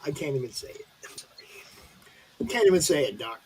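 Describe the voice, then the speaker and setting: A man chats as host of a live stream, his voice high and swinging widely in pitch. He jokes loudly and breaks into laughter often. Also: big pitch swings, quick pace, slightly rough, poor audio. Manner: loud, laughing banter. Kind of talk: casual chat.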